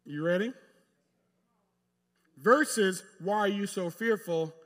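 Here a man preaches a sermon before a live church congregation, his high-pitched voice a bit bright. He is emphatic, pausing at length and directing his words at the pews.

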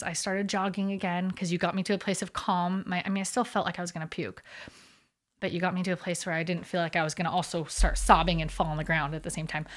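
Woman telling a personal story, restarts often. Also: fairly low pitch. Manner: animated storytelling with many fillers and restarts. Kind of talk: casual chat, personal story.

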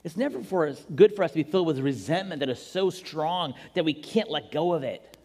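A man preaching a sermon as pastor, animated and jokey, acting out quotes as he goes. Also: on the high side, a little fast, breathy edge. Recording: long reverb in a large hall.

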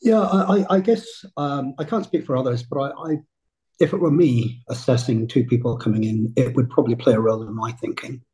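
Man from Northern Ireland, club co-owner, husky timbre, steady measured delivery. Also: mid-range voice, low-quality recording. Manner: measured, thoughtful, uses "right?" and "look". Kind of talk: casual interview chat.

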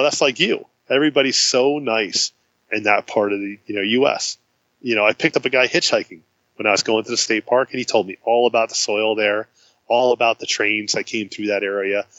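Animated bright-voiced man telling stories. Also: no echo, lo-fi sound. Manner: animated storyteller, acts out quotes with big pitch jumps. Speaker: guest. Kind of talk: casual storytelling in a podcast chat.

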